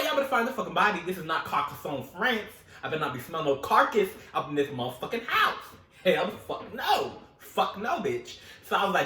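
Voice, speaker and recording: Animated, profane storytelling man. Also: high voice, a little fast, hardly any pauses, reverberant, recorded from a distance. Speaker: storytelling host. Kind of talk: casual storytelling vlog.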